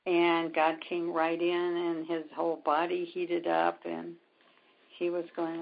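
A woman guest speaking of her healing work, retelling events with quoted dialogue and many pauses and ums. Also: on the low side, completely flat delivery. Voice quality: gravelly, husky. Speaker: spiritual healer guest. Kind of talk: storytelling in a conversation. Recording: dull lo-fi sound.

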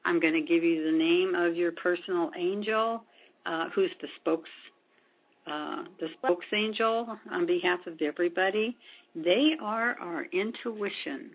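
Speaking a little slowly, a spiritual healer guest recounts events in conversation, quoting dialogue and filling pauses with many ums. Her voice is low-pitched, gravelly, and husky, captured in dull lo-fi audio.

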